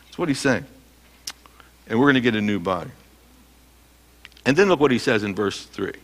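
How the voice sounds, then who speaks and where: A man's voice: mid-range voice, animated, moderate pace. A middle-aged man preaching a sermon as pastor, emphatic and quizzing his listeners with questions he answers himself. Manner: emphatic, asks the congregation questions and answers them.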